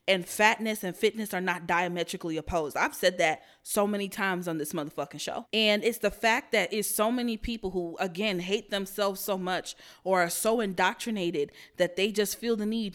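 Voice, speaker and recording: A young woman hosting her own show, ranting in a heated, profane, emphatic way that turns quiet and somber at times. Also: medium pitch, steady tone, normal speed, hardly any pauses. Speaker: podcast host. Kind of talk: profane solo rant.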